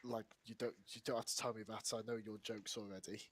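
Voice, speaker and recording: Male podcast host, casual and teasing, bright dry sound. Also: fairly low pitch, level tone, a little fast, no echo. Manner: teasing, tells corny jokes.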